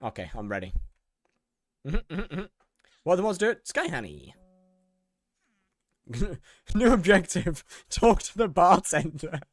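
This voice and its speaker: A young man streams a game in casual, chatty commentary, reading quest text aloud and often breaking into laughter. His voice sits slightly high and swings widely in pitch. The sound is dry and close, with no room around it. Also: very animated, slow pace, long pauses, dry recording, soft background music.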